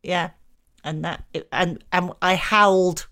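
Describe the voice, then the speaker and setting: A woman's voice: on the low side, steady tone, slow, bright, forceful tone. A middle-aged woman co-hosting a podcast, chatting casually and mocking herself with frequent laughs. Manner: self-deprecating, chatty, laughs often. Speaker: podcast co-host. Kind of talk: casual chat.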